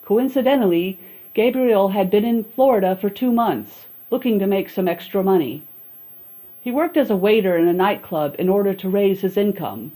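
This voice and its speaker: A woman reading a horror-comedy audiobook as a steady first-person storyteller. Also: medium pitch, normal speed, low-quality recording. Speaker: audiobook narrator. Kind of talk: scripted narration.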